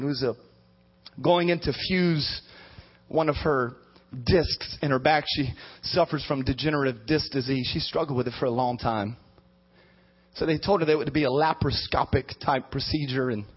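A man in his thirties preaches a sermon, his high voice husky and edged with breath. He swings from playful asides to shouted, drawn-out emphasis. The recording sounds dull and lo-fi. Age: 30s. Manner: animated, rising to shouted emphasis.

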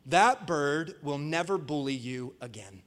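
Man doing a steady, reassuring shop manager in a told story. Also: on the high side, unhurried, pitched below the performer's own voice. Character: calm male pet store manager, reassuring.

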